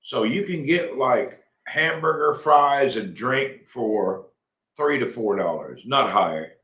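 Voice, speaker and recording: A man's voice: medium pitch, expressive, slow pace, fairly bright tone. Middle-aged man, rambling live-chat host, folksy, echoey room. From Tennessee, USA. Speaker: livestream host. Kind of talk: casual live chat reading comments.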